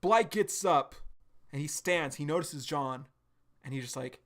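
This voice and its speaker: A man streaming a live reaction to a comic, excitable and profane, rambling with lots of fillers. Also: a little high, unhurried.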